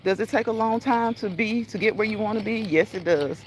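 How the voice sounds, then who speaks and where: A woman hosts a casual live stream. She repeats her phrases and encourages her viewers, at a mid pitch for a woman. Faint noise sits under her voice. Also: brisk. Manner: repetitive, encouraging, laughs at own phrases. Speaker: livestream host.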